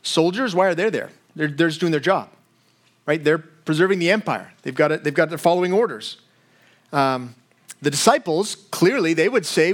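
Male pastor, middle-aged, slightly higher register, chatty sermon delivery. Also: animated. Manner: conversational, retells a comedy sketch with quick voice shifts.

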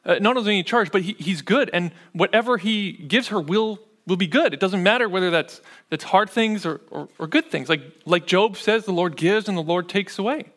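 At a moderate pace and with hardly any pauses, a man with a high, slightly bright voice gives a sermon as pastor. He keeps it conversational, repeatedly checking in with listeners through "right?"

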